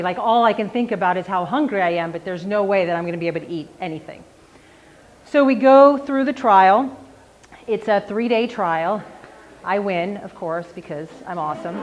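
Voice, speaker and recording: Woman telling a live story, slightly muffled. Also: medium pitch. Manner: conversational, with frequent "like" and self-mocking humor. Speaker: defense attorney telling a personal story. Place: live event stage. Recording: slightly dull live recording with faint ambience.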